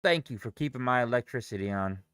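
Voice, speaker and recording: Young man, trading streamer, swears freely, clear smooth voice, dry close mic. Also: mid-range voice, expressive, fast, a bit bright, no room sound. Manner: profane, rambling, reacts to chat and charts. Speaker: livestream day trader. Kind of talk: casual live-stream chat.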